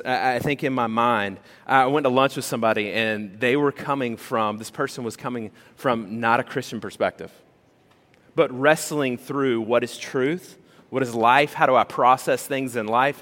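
A male pastor preaching a sermon in a conversational, animated way, full of rhetorical questions. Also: medium pitch, normal speed. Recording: long reverb of a large hall.

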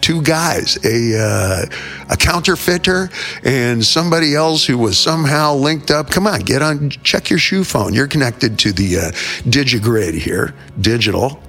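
Rambling, lively older male host. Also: medium pitch, unhurried, vocal fry, soft background music. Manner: theatrical, joking, self-mocking, wanders off topic. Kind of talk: rambling comic monologue.

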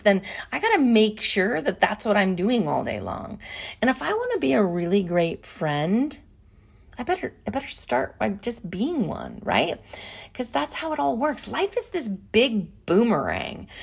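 A middle-aged woman hosting a motivational talk show, energetic and playful, repeating phrases for emphasis. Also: medium pitch, gravelly. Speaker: podcast host.

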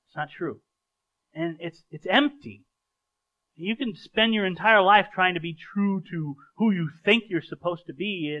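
A man's voice: fairly high pitch, lo-fi sound. A man preaching a sermon in an earnest, conversational way, often repeating words as he restarts his sentences. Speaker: pastor. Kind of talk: sermon with a live stage illustration.

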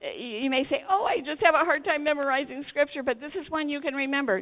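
A woman preaching in a high voice, telling her story with big dramatic swings from near-whisper to shouting. She leans on pauses to build the moment. The recording is narrow and tinny, like a phone line. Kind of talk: sermon storytelling.

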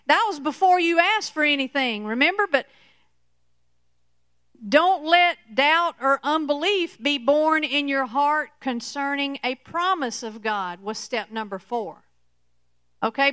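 Woman preacher, fairly high, smooth voice, slow and emphatic, dry close sound. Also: fairly bright tone, dry recording. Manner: slow, emphatic, repeats "okay?" to the listener. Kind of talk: sermon teaching.

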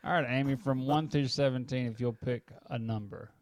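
A man's voice: mid-range voice, steady tone, brisk, no echo. A man hosting an interview show, steering the questions in an organized way. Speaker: host.

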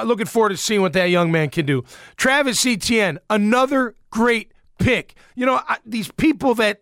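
A man with a high voice delivers a blunt, worked-up sports rant. He repeats his points and vents with force. The sound is dry and close, with no room around it. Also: fairly bright tone, no room sound. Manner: blunt, heated, repetitive. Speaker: sports commentator.

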